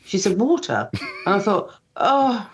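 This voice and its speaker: A woman's voice: medium pitch, sing-song, unhurried, slight background noise. An older woman speaking as a guest author in a casual radio interview, chatty and self-deprecating, acting out quoted dialogue as she tells stories.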